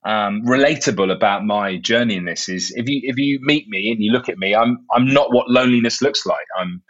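A man's voice: lowish voice, a little fast, fairly bright tone, muffled recording. A man in his thirties with an English accent, a guest author explaining his ideas in a casual interview. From England. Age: 30s. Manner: articulate and explanatory, with small restarts.

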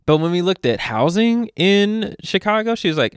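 A young man from Louisville, a podcast guest, telling animated stories in casual conversation with frequent laughs. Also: high voice, clean tone, no room sound, clean studio sound. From Louisville, Kentucky. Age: young adult. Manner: animated storyteller, laughs often, quick asides.

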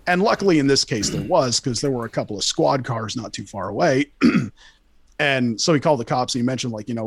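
A man's voice: medium pitch, expressive, a little fast, gravelly, breathy edge, no room sound. Young male host, casual story, swears a lot, very dry close sound. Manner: rambling, profane, lots of fillers and restarts.

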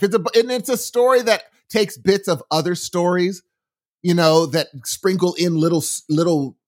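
Rambling, animated man telling a story. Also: a little high. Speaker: guest sharing a book recommendation. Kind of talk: casual chat. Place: from California.

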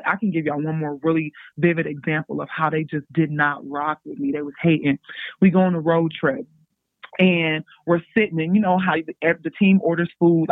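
A young woman, a basketball player and podcast guest, telling stories in a chatty, animated way and calling her listeners y'all. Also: deep voice, no echo. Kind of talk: casual storytelling. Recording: dry tinny phone-like sound.

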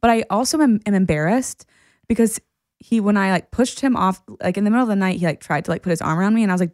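A woman hosting a podcast, telling a personal story in a casual, animated way and laughing often as she goes. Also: medium pitch, brisk, no echo, clean studio sound. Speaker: podcast host and therapist.

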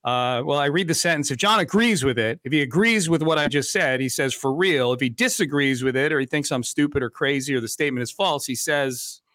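A man's voice: a little high, a little fast, few pauses, a bit bright, dry recording. A man hosting a sports podcast, chatting casually and playfully needling his co-host.

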